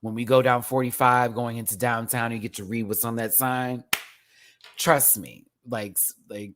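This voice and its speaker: A man hosts a casual livestream and rants his reviews. He talks in an animated, campy way, swears freely and pads his sentences with fillers, sitting at a steady, middling pitch for a man. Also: normal speed. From Houston, Texas. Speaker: livestream show host.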